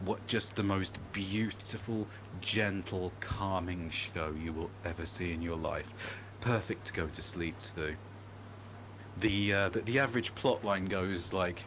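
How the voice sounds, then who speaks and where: A British man chatting casually during a game stream, telling animated stories and breaking into accent impressions. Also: low voice, measured pace, noisy background. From Britain. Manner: animated storyteller who slips into accent impressions. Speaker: podcast co-host.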